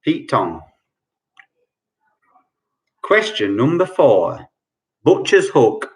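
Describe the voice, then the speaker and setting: In a mid-range, sing-song voice with drawn-out words, a man hosts a video-call quiz night from home under lockdown. He repeats the clues several times apiece and explains each answer in a light, jokey, chatty way.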